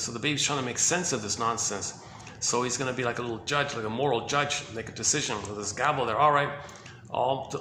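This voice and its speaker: A man's voice: mid-range voice, gravelly, reverberant, background noise. A man giving an informal lecture on psychoanalysis, talking emphatically with lots of repetition and fillers.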